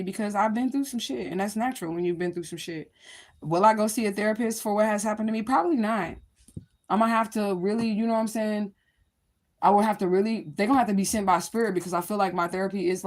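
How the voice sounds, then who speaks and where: A woman chatting casually on a livestream, talking to her viewers in a candid, rambling way and swearing freely. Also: mid-range voice. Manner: addresses viewers directly. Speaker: livestream host.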